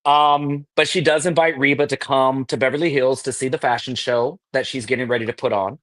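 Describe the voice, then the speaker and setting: Lively live-show host recapping. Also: mid-range voice, a little fast, no room sound. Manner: animated storytelling with acted quotes. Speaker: podcast host.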